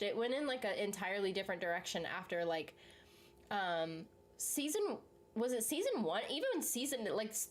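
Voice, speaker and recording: A young woman hosting a show, chatting casually about TV series, animated, swearing freely and laughing often. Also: mid-range voice. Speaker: show host reacting to viewer comments. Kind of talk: casual chat.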